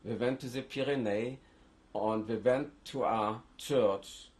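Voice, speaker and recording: An older man who grew up in Germany, seated indoors with a lapel mic, giving oral history testimony in a halting way with frequent restarts. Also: medium pitch, a little mellow. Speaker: interviewee.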